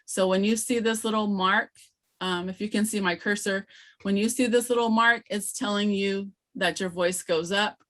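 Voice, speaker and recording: A woman running an online teacher training, explaining patiently with frequent ums and slowly modelling pronunciations over a video call. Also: medium pitch, fairly even intonation, fairly bright tone. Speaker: language instructor.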